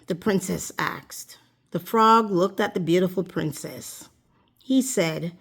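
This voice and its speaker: A woman reading a children's fairy tale aloud in an expressive, sing-song way, as the host of a storytime channel. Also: on the low side, takes it slowly, slightly rough.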